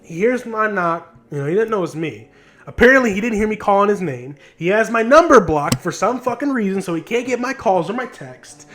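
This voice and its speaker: A 20-year-old man records a casual storytime vlog monologue into a handheld mic in his home studio. His voice is high-pitched, expressive, and fairly bright, moving a little fast. Frustrated, he rambles, swears a lot, and keeps restarting sentences.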